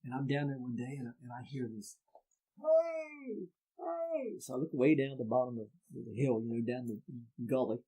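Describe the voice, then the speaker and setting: A middle-aged man with an Appalachian accent, a folk musician telling stories in a casual podcast chat, lively and doing voices for the people in them. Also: medium pitch, quick pace, hardly any pauses, slightly rough, poor audio. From Appalachian Ohio. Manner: animated storyteller, does voices in quotes.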